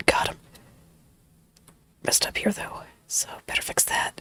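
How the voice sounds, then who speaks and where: A woman streamer who has lost her voice, chatting to herself in a soft, playful whisper while she draws, close to a very sensitive mic. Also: unhurried. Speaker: streamer drawing digital art. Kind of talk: casual chat while drawing. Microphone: high-sensitivity desk mic, close.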